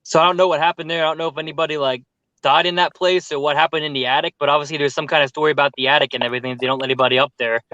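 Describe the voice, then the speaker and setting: A man telling a story with lots of fillers in casual chat on a group call, animated and talkative. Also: fairly high pitch, rapid-fire, muffled recording. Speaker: paranormal youtuber telling a story.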